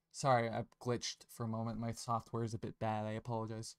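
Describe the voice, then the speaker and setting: A man's voice: on the low side, completely flat delivery, fairly quick, hardly any pauses, smooth. A man giving a casual commentary rant, sarcastic and profane, rambling and correcting himself as he goes. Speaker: online commentator.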